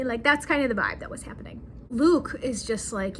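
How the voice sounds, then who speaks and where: A young woman vlogging about a movie in casual chat, giggly and animated, acting out the characters' lines. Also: a little high, moderate pace, a little hiss or hum.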